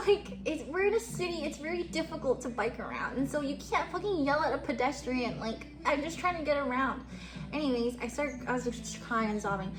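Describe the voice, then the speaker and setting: A young woman chatting to her stream, telling stories with lots of laughter and casual swearing. Her voice sits fairly high and stays animated throughout. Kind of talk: casual storytelling to stream chat.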